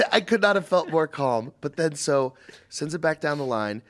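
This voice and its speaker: A man on a casual podcast, telling a story in a lively way and putting on high, mocking voices to quote people. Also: normal speed. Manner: animated, acts out quotes in high voices, laughs often. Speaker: podcast host.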